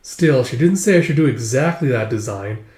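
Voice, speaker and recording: A man's voice: mid-range voice, lively intonation, normal speed, a little mellow. A man casually retelling a comic book, narrating loosely with lots of filler. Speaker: manga reader. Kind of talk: casual read-through narration. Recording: echoey room.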